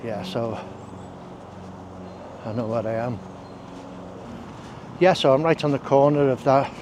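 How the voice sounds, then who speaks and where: A man's voice: mid-range voice, measured pace, noisy background. A man chatting casually while walking outdoors, breathing heavily between rambling asides. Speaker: walking vlogger. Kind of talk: casual walk-and-talk narration. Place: outdoors on roads and country paths.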